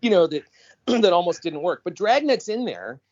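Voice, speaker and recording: A man co-hosting a podcast, chatting casually over a call. His pitch swings widely as he talks, leaping up whenever he mimics someone. The sound is dull and lo-fi, like a remote line. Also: normal speed. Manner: animated, jumps pitch when quoting people. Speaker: podcast co-host. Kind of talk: casual chat. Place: on a phone call.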